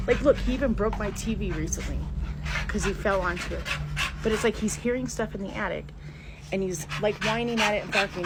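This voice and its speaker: A scared middle-aged woman walks through her house with a phone camera, sometimes whispering and sometimes crying out in alarm. Her voice sits in an ordinary middle range. A steady hiss runs under the phone recording. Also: mid-range voice. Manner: jumps between hushed whispers and panicked exclamations. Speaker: mother filming her home. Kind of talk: frightened handheld home video narration. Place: inside a house, moving between rooms. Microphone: handheld phone camera.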